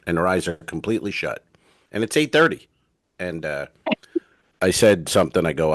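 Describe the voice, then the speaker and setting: A man with a fairly low voice tells rambling stage stories as a podcast co-host, slipping into the lines of the people in them. The sound is dry and close, with no room around it. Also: very animated, brisk, no room sound. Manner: rambling anecdotal storyteller, acts out dialogue. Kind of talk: casual storytelling chat.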